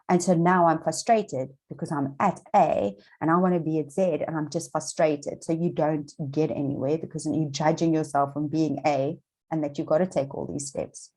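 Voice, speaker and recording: A woman's voice: deep voice, normal speed, warm tone, low-quality recording. An Australian woman coaching viewers on manifesting in a chatty, encouraging motivational talk to camera, repeating her points and using plenty of fillers.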